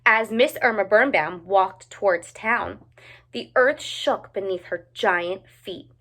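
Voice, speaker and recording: A woman reading a picture book aloud with expressive, animated narration. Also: medium pitch, slow. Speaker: storyteller.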